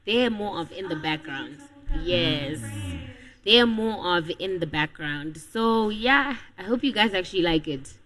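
A woman in her twenties, a singer, answering questions in a casual radio interview in a soft, easygoing way. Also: fairly low pitch, expressive, measured pace, low-quality recording. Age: 20s. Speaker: guest singer.

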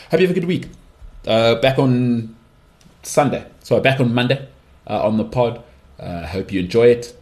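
A man with an English accent hosting his own podcast alone, giving strong opinions and often leaping into high-pitched mocking outbursts. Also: normal speed, pauses often, a little mellow. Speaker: podcast host. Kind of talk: solo podcast monologue.

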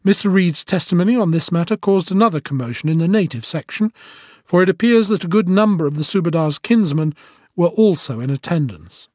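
A man with a somewhat high voice reads a formal, report-like passage in scripted narration. The sound is dry and close, with no room around it. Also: expressive, brisk, darkish tone, no room sound. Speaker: audiobook narrator.

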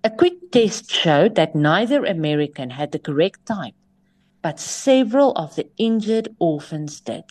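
A woman's voice: lowish voice, very animated, unhurried, a little mellow. A woman, telling a story in a sermon and at times dropping her voice to a near whisper. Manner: switches between English and Afrikaans phrases. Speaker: preacher.

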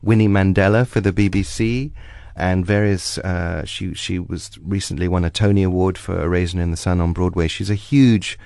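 Man, film director guest, very low voice, dry studio sound, anecdotal, hesitant restarts. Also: fairly even intonation, normal speed, creaky, few pauses, a little mellow, no echo. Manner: reflective, anecdotal, with frequent ums and restarts. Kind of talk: casual radio interview. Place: radio studio. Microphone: studio microphone.

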